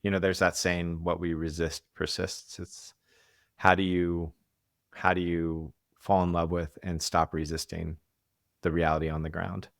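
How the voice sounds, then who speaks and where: Low gravelly man coaching. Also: level tone, a little slow, fairly bright tone, dry recording, clean studio sound. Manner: acts out quoted voices, frequent restarts. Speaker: executive coach. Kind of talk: podcast interview.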